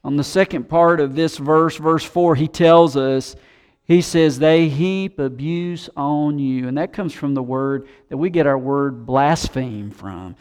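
A man preaching a sermon, animated, who acts out the voices of scoffers he quotes. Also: a little high, unhurried, smooth. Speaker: pastor.

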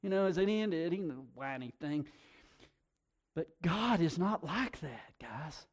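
Male pastor, high voice, lively sermon delivery with repeated words and swings in loudness. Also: unhurried. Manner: animated, often repeats words and swings between soft and loud. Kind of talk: sermon to a congregation.

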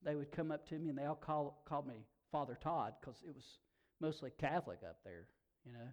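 A man preaching a sermon in a folksy, casual way, talking slowly and dropping asides like "man" and "you know.". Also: on the high side, a little mellow. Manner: slow-talking, by his own account. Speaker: pastor.

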